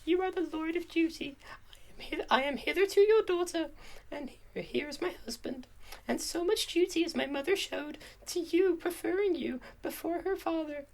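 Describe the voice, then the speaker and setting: A man voicing a dutiful young noble woman in a comic script reading, earnest and softly pleading. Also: extremely high pitch, moderate pace, vocal fry.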